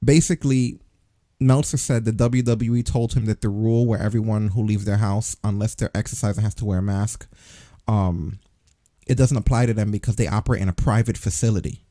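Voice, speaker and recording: Male podcast co-host, sarcastic and profane, mellow dark tone, dry close sound. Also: on the low side, fairly even intonation, brisk, no room sound. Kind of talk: casual news chat.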